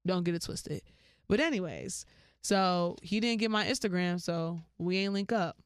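Woman podcast host, slangy casual storyteller, clean dry mic, smooth voice. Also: moderate pace, no echo. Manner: animated, slangy, jumps into high-pitched quoted voices.

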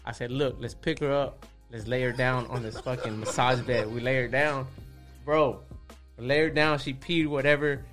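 Laid-back tattoo artist telling a story. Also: male voice, medium pitch, fairly even intonation, normal speed, fairly bright tone, soft background music. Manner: laid-back, profane, keeps saying "you know what I'm saying". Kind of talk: casual storytelling.

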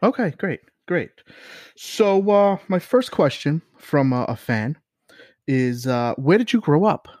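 Male interviewer, fairly high voice, teasing and halting, full of ums, for a comedy mock interview. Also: lively intonation, darkish tone, dry recording, studio quality. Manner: halting, teasing questions with many fillers.

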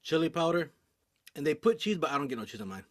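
A man's voice: fairly high pitch, very animated, fast talker, a bit bright, no echo, clean studio sound. A man hosting a podcast, casual profane banter and frequent joking. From Michigan. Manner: profane, joking, laughs often. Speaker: podcast host.

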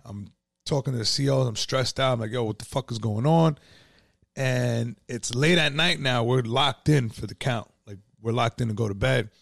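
A man's voice: mid-range voice, moderate pace, gravelly, no room sound, clean studio sound. A man telling his own story in a casual, profane, streetwise way, full of "like" and "you know".

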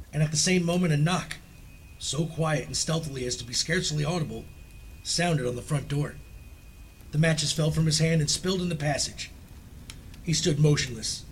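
A man telling a ghost story aloud in a dramatic, suspenseful reading, sinking low and quiet at tense moments. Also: a little hiss or hum.

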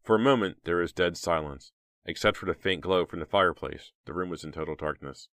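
A man reading a teen horror novel aloud as an audiobook narrator, in a steady, measured way. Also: low voice, no echo.

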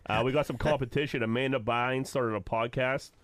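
A man's voice: mid-range voice, steady tone, a little fast, a bit bright, no room sound. A man co-hosting a podcast, telling rambling, crude stories in casual banter. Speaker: podcast co-host.

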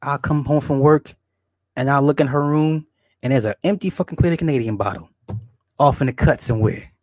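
A man's voice: mid-range voice, fairly quick, a little mellow, no echo, studio quality. A man in his forties hosting a casual livestream, rambling and swearing, laughing often and talking straight to his viewers. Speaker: livestream host. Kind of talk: casual livestream chat, reading comments.

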